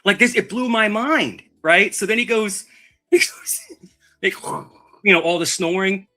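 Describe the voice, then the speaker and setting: Casting: talkative man, fairly high bright voice, rambling anecdote style, faint music underneath. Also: a little slow. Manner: rambling, animated, swears, repeats words. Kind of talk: casual storytelling chat.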